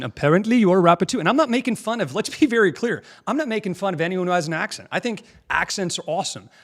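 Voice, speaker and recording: A young man hosting a political commentary show, combative and mocking, pausing to mimic clips he plays. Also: sits high, a bit bright.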